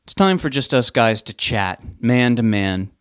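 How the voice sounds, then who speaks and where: A man voicing a menacing, mocking middle-aged father who holds a gun, with a loud, taunting delivery. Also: medium pitch, expressive, measured pace, clear, resonant tone, dry recording, studio quality, natural voice.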